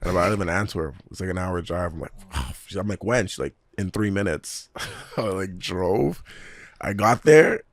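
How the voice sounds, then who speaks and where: A young man with a very low voice recounts stories in a loose, laughing way, full of street slang. The sound is dry and close, with no room around it. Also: moderate pace, dry recording. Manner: animated, laughing, slang-heavy storyteller. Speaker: professional footballer guest. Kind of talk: casual storytelling interview.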